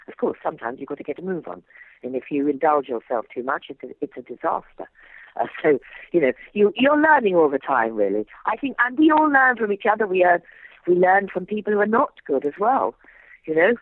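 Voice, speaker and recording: An older woman with a received pronunciation accent, telling stories as an actress guest in an interview, animated and quick to drop into character voices. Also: lowish voice. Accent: English received pronunciation. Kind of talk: anecdotal interview chat. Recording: dry phone-like line.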